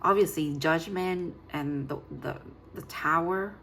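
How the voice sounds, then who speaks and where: Chatty low-voiced woman reading tarot. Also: unhurried, fairly bright tone, a little hiss or hum. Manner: chatty, thinks aloud, restarts and stumbles while reading card text; playful, jokes about herself. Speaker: tarot reader. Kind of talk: casual pick-a-card tarot reading.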